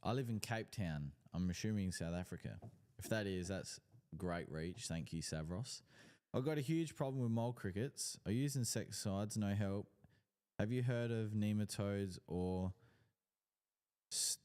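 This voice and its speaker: A man's voice: lowish voice, unhurried, a little mellow. A man co-hosting a lawn care live stream, reading viewer questions and answering with frequent ums and restarts. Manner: hesitant, trails off with ums. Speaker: co-host of a lawn care show. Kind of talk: casual live-stream chat.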